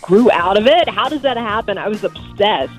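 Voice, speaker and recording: A woman's voice: medium pitch, animated, normal speed, soft background music. A woman in a casual chat, enthusiastic and giggly.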